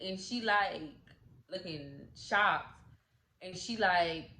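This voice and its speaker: A woman's voice: mid-range voice, unhurried, a bit bright. Chatty woman recapping a movie, roomy. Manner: chatty, many "like" fillers, slangy, acts out characters' lines. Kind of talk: casual movie recap storytelling. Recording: roomy echo with faint noise.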